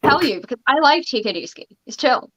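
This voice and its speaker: A woman's voice: high voice, expressive, fairly quick, noisy background. A young woman hosting a casual livestream chat, talking about running tabletop games with lots of fillers and restarts. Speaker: podcast host and game master.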